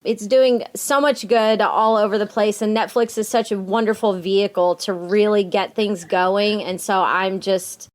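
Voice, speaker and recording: A woman's voice: medium pitch, steady tone. A woman hosting a casual podcast interview, friendly and encouraging with her guest. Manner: friendly, encouraging, quick to laugh. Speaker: podcast host.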